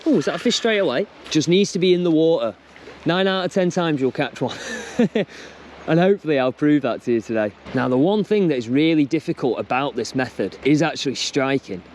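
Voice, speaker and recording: A man's voice: on the high side, a little mellow. A young man fishing on a riverbank outdoors, chatting casually and jokily as he explains his method and cheers when he hooks a fish. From England. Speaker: fishing vlogger. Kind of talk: casual instructional chat.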